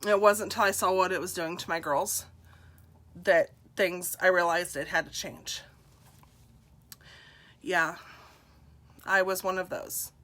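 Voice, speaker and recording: A middle-aged woman, congested, sharing a personal story on a live stream in a slow, heartfelt, confiding way and greeting viewers by name. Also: on the low side, fairly even intonation, pushed and bright.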